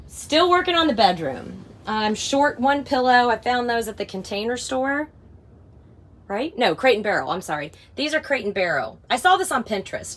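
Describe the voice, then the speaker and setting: A woman hosting a casual vlog, touring her motorhome and gushing over every little feature. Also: medium pitch. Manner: gushing, excitable. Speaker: vlog host. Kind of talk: casual home tour vlog. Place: inside a motorhome.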